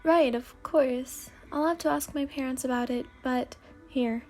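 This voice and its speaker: A woman's voice: high-pitched, measured pace, darkish tone, soft background music. A woman voicing an aloof, proud teenage boy in a whispered role-play, speaking curtly and composedly with a teasing edge. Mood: cool.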